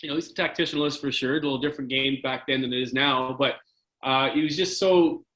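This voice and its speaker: A man's voice: medium pitch, fairly even intonation, quick pace, a bit bright, poor audio. A man in his forties, a former hockey player telling rambling stories as a podcast guest, with many fillers and restarts. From Canada. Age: 40s. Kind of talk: casual storytelling.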